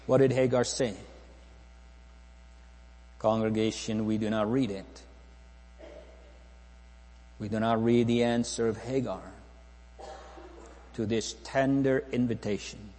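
Slow husky-voiced male preacher. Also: mid-range voice, steady tone, mellow, in a large hall. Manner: solemn, repetitive, rhetorical questions to the congregation. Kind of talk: sermon. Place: church.

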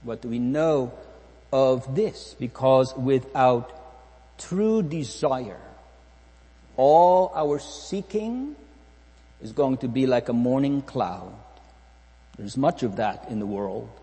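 A man's voice: mid-range voice, slow, pauses often, warm tone. A man preaching a sermon to his congregation, earnest and pleading, asking searching rhetorical questions. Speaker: pastor. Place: church hall. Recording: long church reverb with mains hum.

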